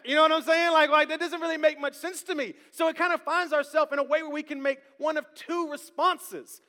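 High, bright-voiced preacher in a big hall. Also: male voice, fairly quick, few pauses. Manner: lively, humorous, calls out to the congregation. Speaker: pastor. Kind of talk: sermon. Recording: long reverb of a large hall.

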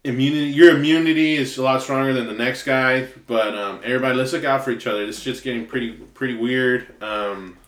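A man's voice: mid-range voice, a little fast, few pauses, fairly bright tone. A man co-hosting a podcast, speaking earnestly and hesitantly with many fillers. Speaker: podcast co-host. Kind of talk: casual chat. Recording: echoey room.

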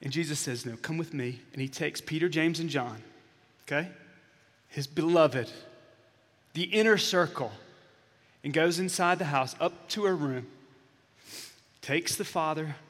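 A man preaching a sermon as a pastor, telling the story dramatically and acting out lines, dropping to a hush and then rising loud. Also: on the high side, unhurried, pauses often, in a large hall. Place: church hall.

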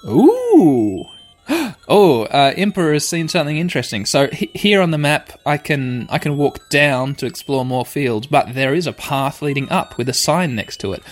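A young man playing a video game, playfully and excitably narrating what happens and reading the text aloud. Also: fairly high pitch, normal speed. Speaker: game player. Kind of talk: let's play commentary. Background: faint game music.

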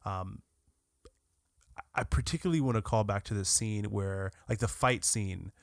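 A man with a fairly low voice, chatting casually about a film on a podcast. He talks with animation, swears freely and restarts his sentences often. The sound is dry and close. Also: moderate pace, gravelly, no echo. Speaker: podcast co-host.

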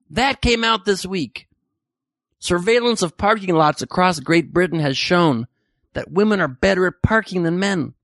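A man's voice: high voice, a bit bright, no echo, studio quality. A man hosting a podcast, riffing sarcastically and profanely on news headlines. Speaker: podcast host. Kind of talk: comedic news commentary.

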